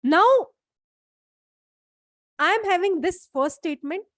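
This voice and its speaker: A woman's voice: extremely high pitch, slow, fairly bright tone, dry recording, clean studio sound. A woman instructor giving a live online class, explaining step by step and checking in with her students.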